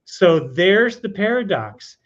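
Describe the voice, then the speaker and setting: Higher-voiced man telling a story. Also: very animated, takes it slowly, a bit bright. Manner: conversational, many "you know" asides. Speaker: guest. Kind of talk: casual storytelling. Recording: dull lo-fi sound.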